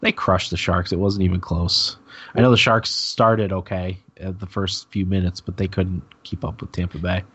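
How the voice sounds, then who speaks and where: Brief: raspy male podcast co-host, low husky voice, muffled lo-fi sound. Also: flat delivery, moderate pace, a bit bright. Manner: steers the show along. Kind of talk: casual chat.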